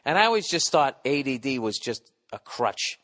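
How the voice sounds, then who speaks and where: A man in his forties hosts a podcast with a rambling, profane comic monologue that mocks himself and mimics others in exaggerated voices. His mid-range voice is sing-song, at normal speed, and a bit bright. His studio podcast mic with windscreen captures a large-hall sound.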